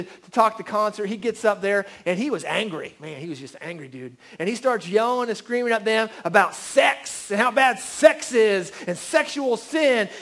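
A male pastor preaching a sermon in a church service, earnest, swinging from quiet to emphatic. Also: high voice. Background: faint band guitar.

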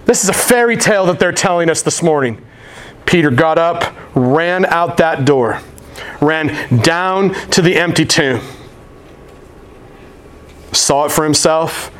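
A male pastor delivering a sermon in a loose, slangy voice that sits a little high. He tells his stories with animated energy and talks to the crowd like friends. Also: a little slow, long pauses, a little hiss or hum. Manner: casual, slangy, animated storytelling.

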